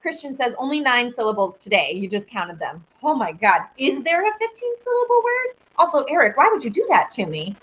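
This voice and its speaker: A bubbly young woman chats on a live stream, rambling and reading out viewer comments. Her voice sits fairly high for a woman. The sound is dull and lo-fi. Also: brisk. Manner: bubbly, squeals with excitement, rambling. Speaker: live-stream host and singer.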